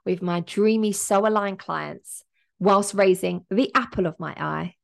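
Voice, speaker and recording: A woman's voice: mid-range voice, a little slow, vocal fry. A woman, hosting a solo podcast as a business coach and talking in an emotional, upbeat, motivational way.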